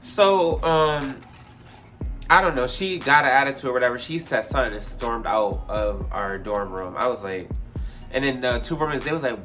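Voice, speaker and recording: A young man casually telling a story, profane and animated, jumping high in pitch when he acts out scenes. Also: moderate pace, faint music behind. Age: young adult. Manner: animated, profane, retells with big pitch jumps.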